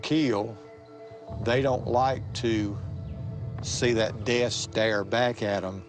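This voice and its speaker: A man, a police detective, recounting a crime scene in a measured, clinical interview manner. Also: medium pitch, fairly even intonation. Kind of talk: interview recollection. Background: music.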